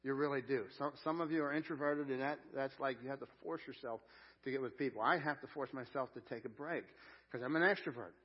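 A male pastor giving a sermon, building to loud emphatic peaks and repeating words as he speaks. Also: medium pitch, quick pace, husky, muffled recording. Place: church sanctuary.

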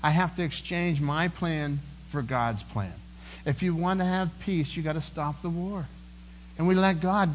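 A man preaching with a slightly raised pitch, talking to the congregation in an earnest, conversational way. He often doubles back on his words and repeats them. A faint hum sits under the recording. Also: fairly bright tone, low-quality recording. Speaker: pastor. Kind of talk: sermon.

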